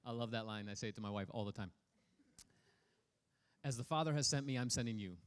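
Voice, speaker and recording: In a church hall, a pastor preaches in a casual, joking style, reading scripture aloud and stopping to comment on it. His medium-pitched voice is brisk with a clean tone.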